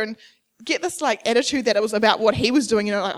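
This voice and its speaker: A woman's voice: fairly high pitch, fast talker. A young adult woman preaching a sermon at a church service, emphatic and repetitive, acting out the people she quotes.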